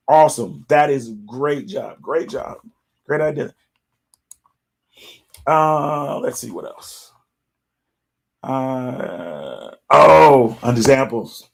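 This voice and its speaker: A middle-aged man talks casually to his viewers as host, with a gravelly, fry-tinged voice at a middle pitch. He is chatty and animated, and he jumps his voice up to mimic pushy callers. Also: slow pace, long pauses. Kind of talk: casual live-stream talk.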